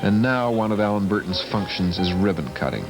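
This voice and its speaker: A man's voice: on the low side, expressive, a little fast, poor audio. A man reading scripted documentary narration in a matter-of-fact manner. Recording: loud music under narration.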